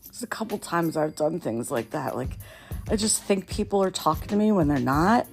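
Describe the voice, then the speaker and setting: Animated woman telling funny stories. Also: moderate pace, vocal fry, soft background music. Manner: animated, laughs often, voice leaps high when excited. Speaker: podcast host. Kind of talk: casual storytelling monologue.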